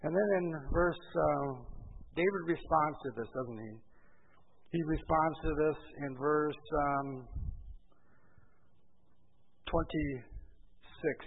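A man preaching a sermon, asking the listeners questions and acting out the lines of biblical figures. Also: a little high. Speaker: pastor. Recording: tinny phone-like sound in a hall with long reverb.

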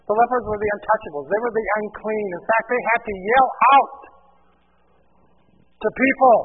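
A man's voice: high-pitched, slightly rough, narrow, tinny audio. A male preacher giving a sermon, reading scripture and explaining it, and raising his voice for emphasis.

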